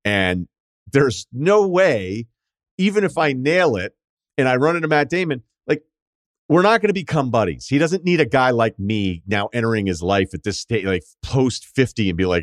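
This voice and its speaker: A man's voice: medium pitch, animated, normal speed, no echo, clean studio sound. A man hosting a podcast, telling a rambling, profane anecdote in a casual storytelling way. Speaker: podcast host.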